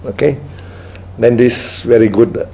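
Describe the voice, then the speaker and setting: A man with a medium-pitched, steady, creaky and dark voice gives a dharma talk as a Buddhist teacher, captured on a low-quality recording. He tells stories at an unhurried pace and checks in with listeners by tacking "right?" onto nearly every point. The talk includes audience questions.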